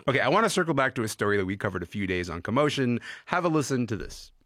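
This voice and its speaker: A male radio host leading a casual panel chat, wry and animated, often stumbling into restarts. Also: medium pitch, very fast, no echo, studio quality.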